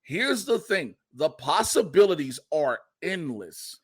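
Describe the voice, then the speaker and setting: A man hosting a podcast in casual chat, animated and profane, acting out quotes in funny voices. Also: a little high, slow, husky. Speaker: podcast host.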